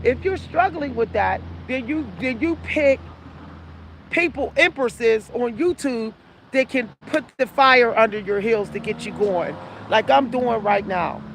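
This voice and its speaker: A woman in her forties, a vlogger, gives her viewers casual advice, talking straight to them in a preachy way and repeating herself for emphasis. Her voice is a little high and measured in pace, with slight hiss or hum in the audio.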